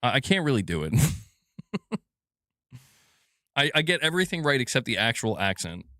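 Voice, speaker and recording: A man speaks at a mid pitch, close to a dry-sounding mic with no room echo. He comments casually on a live stream. His delivery is loose and profane. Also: big pitch swings, normal speed, sharp tone. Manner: casual and profane, laughs at himself. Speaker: gaming news streamer.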